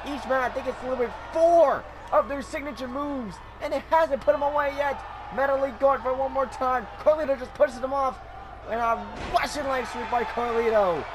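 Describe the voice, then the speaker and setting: A man hosting a channel and giving excited play-by-play commentary of a wrestling video game, often shouting. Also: very high-pitched, normal speed. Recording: game crowd noise behind. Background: game crowd noise.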